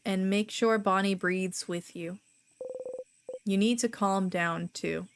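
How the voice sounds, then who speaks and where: A woman streamer reading a game aloud slowly and quietly. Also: mid-range voice, steady tone, background noise. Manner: slow, hushed narration with reactions. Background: game music.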